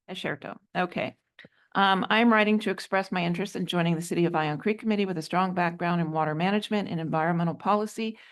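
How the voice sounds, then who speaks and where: A woman on a city council, reading applicants' letters aloud at a meeting, hesitant, with many ums and slips. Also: fairly low pitch. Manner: hesitant, many ums, trips over words. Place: council chamber.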